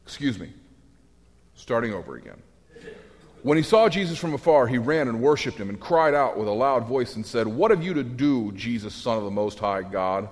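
A man's voice: medium pitch, normal speed. Man preaching in an echoey hall. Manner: conversational, animated, with asides and restarts. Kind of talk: sermon.

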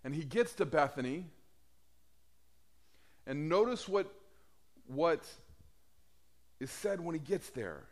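Guy giving a sermon in church, casual and chatty, pitch jumps around a lot. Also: animated, unhurried, pauses often, a little mellow. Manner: conversational, asks the congregation questions. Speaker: preacher.

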